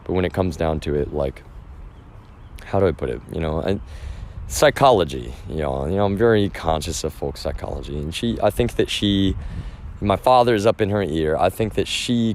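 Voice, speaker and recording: A man's voice: deep voice, normal speed, a little mellow. A man livestreaming while walking outdoors through a neighborhood, talking in a rambling, agitated way with many fillers and restarts. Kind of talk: rambling casual livestream talk.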